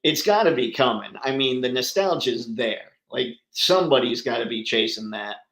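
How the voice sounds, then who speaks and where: A man's voice: medium pitch, expressive, normal speed, a bit bright, reverberant, low-quality recording. A man hosting a casual livestream chat, talking enthusiastically and answering viewers by name. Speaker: livestream host.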